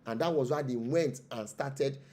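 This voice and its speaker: A man's voice: mid-range voice, moderate pace, darkish tone. A man with a Nigerian accent, a traditional spiritual leader speaking as an interview guest, preaching with rhetorical questions and repeated phrases. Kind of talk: impassioned interview monologue.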